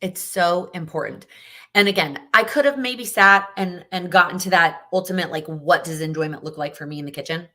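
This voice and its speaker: Low-voiced, bright-toned woman host. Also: fairly quick, hardly any pauses. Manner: chatty, encouraging, restarts often. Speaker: host answering viewer questions. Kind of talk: live Q&A, casual advice.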